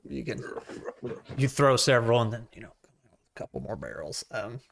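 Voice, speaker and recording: A game master narrating a tabletop game in loose, halting sentences full of fillers. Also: mid-range voice, big pitch swings, vocal fry, slight background noise.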